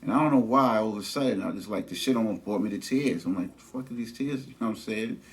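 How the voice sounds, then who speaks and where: A man's voice: on the low side, quick pace. A man telling a story to camera in a casual, slangy vlog full of fillers. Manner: conversational, slangy, lots of fillers and "you know what I'm saying". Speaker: vlogger.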